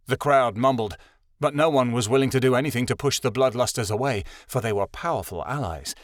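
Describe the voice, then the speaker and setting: A man reading a fantasy audiobook aloud in a steady, even storytelling style. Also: medium pitch, moderate pace, no echo, studio quality. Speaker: audiobook narrator. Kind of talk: scripted narration.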